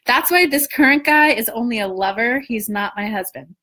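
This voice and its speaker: A young woman coaching on manifesting, chatting casually in a live stream, animated with lots of restarts and the odd swear. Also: a little high, normal speed. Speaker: law of attraction coach.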